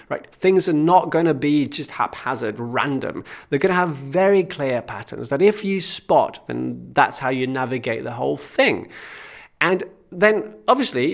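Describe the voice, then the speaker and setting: A man teaching a guitar and singing lesson, patiently explaining step by step and counting beats aloud, with his own guitar playing behind him. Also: on the high side. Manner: counts beats aloud and sings short phrases softly. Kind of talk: music lesson.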